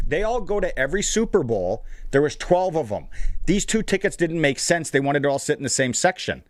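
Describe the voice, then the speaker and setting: A man on a sports radio show, telling a long story in an animated, rambling way with lots of restarts. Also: a little high, a little fast, no echo. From Canada. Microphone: studio microphone.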